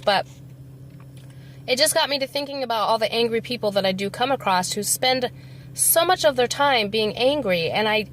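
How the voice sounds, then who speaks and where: A young woman chatting while driving, telling a rambling, animated story as a vlogger. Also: a little high. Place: inside a car. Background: faint car noise.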